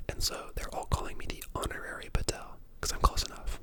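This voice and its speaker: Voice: fairly quick, few pauses. A person in their twenties whispering a casual ASMR ramble at home, chatty and full of fillers. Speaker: ASMR creator and dental student.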